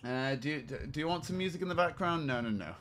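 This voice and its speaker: Male streamer, high lively voice, rambling and excitable. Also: fast, slight background noise. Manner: chatty, excitable, rambling with laughs. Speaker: game streamer. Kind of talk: live game stream chat.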